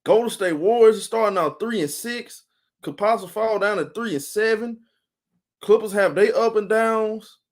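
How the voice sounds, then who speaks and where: Tired male sports streamer, slightly higher voice, rambling and greeting his chat. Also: normal speed. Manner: rambling, repeats himself, greets chat viewers by name. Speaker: host of a live sports talk stream.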